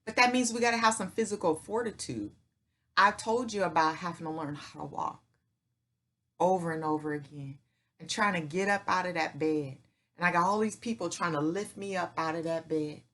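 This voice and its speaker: A middle-aged woman with a somewhat low voice gives a motivational faith talk to her channel's viewers. She speaks emphatically, like a preacher, in folksy everyday speech. She repeats her key points and keeps checking in with "right?". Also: moderate pace, fairly bright tone. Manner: folksy speech with "y'all" and "ain't". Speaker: channel host.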